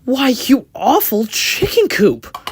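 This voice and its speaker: A storyteller voicing a hot-tempered young male engine who shouts defensively. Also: high-pitched, big pitch swings, takes it slowly, a little hiss or hum, voice pushed up, exaggerated voice. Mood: furious.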